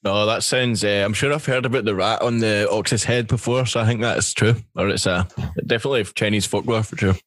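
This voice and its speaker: A man chatting casually on a podcast in a relaxed, rambling way. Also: on the low side, a little fast. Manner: relaxed, rambling, laughs easily. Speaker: podcast co-host. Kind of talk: casual chat.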